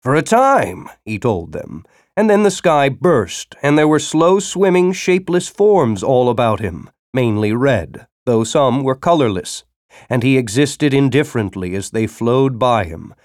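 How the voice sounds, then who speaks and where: A male storyteller reading dramatically, with a widely swinging pitch. He moves from hushed narration to urgent, shouted lines. The recording is dry and close. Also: sing-song, a little slow, no echo. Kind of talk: audiobook narration.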